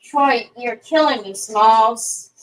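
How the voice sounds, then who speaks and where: A middle-aged woman with a fairly high voice hosts a craft livestream, rambling through chatty stories full of asides as she works. She speaks slowly and now and then murmurs soothing baby talk to a small child next to her. The recording quality is poor.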